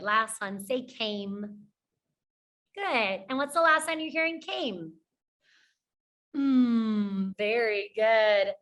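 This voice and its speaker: A young woman teaching preschoolers, speaking slowly and clearly, praising them often and singing simple songs. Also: on the high side, bright, forceful tone.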